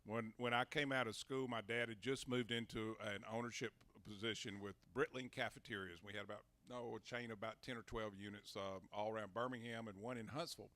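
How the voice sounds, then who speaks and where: A man's voice: lowish voice, fairly even intonation, fairly quick, hardly any pauses, sharp tone. An older man, a guest at a live talk, telling folksy anecdotes with plenty of fillers and restarts. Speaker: interview guest, city mayor. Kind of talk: relaxed storytelling at a live talk.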